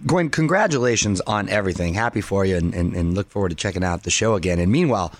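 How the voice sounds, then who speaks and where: A man's voice: sits low, lively intonation, quick pace. A man hosting a radio show in a studio, with an upbeat, punchy delivery. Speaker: radio host.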